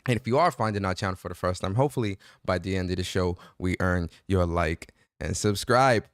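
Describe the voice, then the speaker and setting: A man with a New York accent hosting a casual gaming podcast, introducing his co-host with loud, playful hype. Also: sits low, a little fast, dry recording, clean studio sound.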